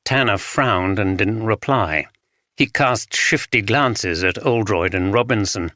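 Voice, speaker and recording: A man narrating a mystery audiobook in a steady, measured reading. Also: on the low side, no room sound, studio quality.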